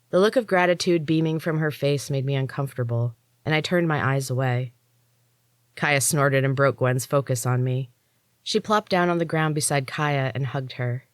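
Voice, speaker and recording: A woman storyteller reading a novel chapter aloud in a measured, expressive way. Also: extremely low pitch, no room sound. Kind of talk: audiobook reading.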